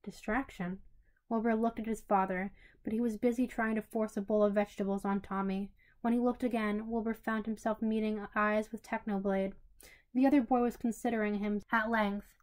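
A woman narrating a fanfiction story in an even way, with small slips and restarts. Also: mid-range voice, fairly quick. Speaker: story reader.

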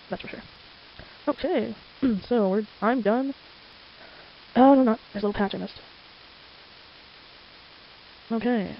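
A teenager with a stuffy, congested nose, chatting and rambling casually while drawing at home late at night. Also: mid-range voice. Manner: chatty, rambling, easily sidetracked. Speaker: amateur artist. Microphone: desktop microphone. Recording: lo-fi with faint hiss.

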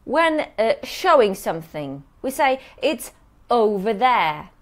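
A woman teaching English pronunciation in a live online workshop, modeling words slowly and checking in with "yes?" after nearly every point. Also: a little high, big pitch swings.

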